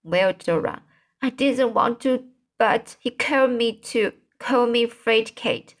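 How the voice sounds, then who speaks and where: A woman's voice: a little high, a little slow, voice pushed up, natural voice. A woman voicing a prim little girl who complains tearfully in a storybook reading. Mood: whiny, upset. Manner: plaintive, complaining storybook child.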